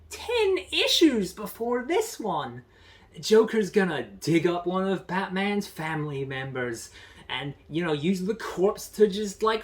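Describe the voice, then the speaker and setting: A woman giving a casual comic book review in a sarcastic, rambling, profane manner. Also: lowish voice. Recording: voice over background music.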